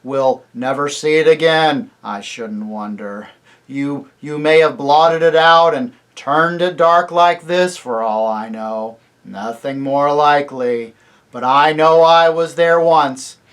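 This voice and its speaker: Gloomy marsh-wiggle, loud, short of breath, stammering, storybook voiced by a man. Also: fairly high pitch, slow, clean tone. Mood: defiant.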